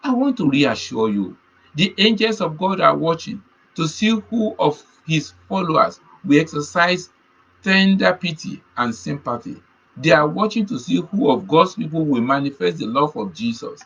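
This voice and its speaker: A man's voice: on the high side, expressive, moderate pace, creaky, a bit bright, husky, poor audio. A man preaching a sermon, telling a personal testimony in an earnest way and repeating key phrases. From Nigeria.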